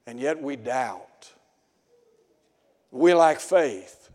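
A man's voice: medium pitch, animated, extremely slow, darkish tone. A man preaching a sermon in an earnest way, asking his listeners rhetorical questions. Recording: long hall reverb.

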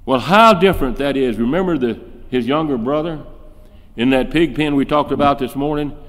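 A man's voice: medium pitch, moderate pace. A man preaching a sermon, driving his points home with rhetorical questions and acting out the voices he quotes. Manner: emphatic, fires off rhetorical questions; acts out quoted speech in shifting voices. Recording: long reverb in a large hall.

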